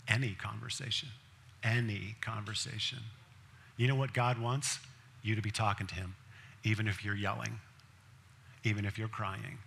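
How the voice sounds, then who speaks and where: A man's voice: mid-range voice, fairly bright tone. A male pastor preaching a sermon in a conversational way, asking the congregation direct questions.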